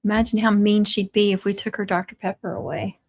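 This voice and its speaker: A woman's voice: mid-range voice, little pitch movement, a little fast. A woman hosting a crafting livestream, chatting casually and teasing her viewers with frequent laughs. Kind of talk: casual live-stream chat.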